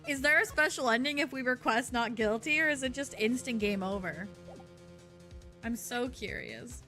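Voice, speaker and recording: A woman's voice: fairly high pitch, moderate pace, bright, forceful tone, faint music behind. A woman commenting on a game she plays, chatty and playful as she speculates aloud. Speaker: game streamer. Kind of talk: let's-play commentary.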